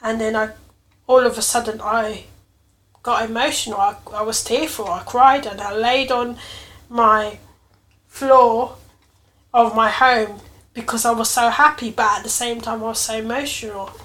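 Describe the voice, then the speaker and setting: A woman talks through a personal story on her podcast, slightly higher in pitch than most. She is earnest and reflective and leans into the emotional parts. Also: fairly even intonation, normal speed, fairly bright tone. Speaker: podcast host.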